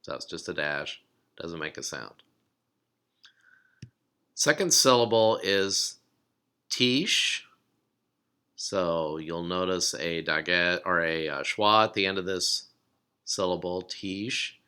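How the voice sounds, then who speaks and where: A man giving a recorded lesson, explaining steps calmly and sounding out words slowly. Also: sits low, smooth. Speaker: teacher.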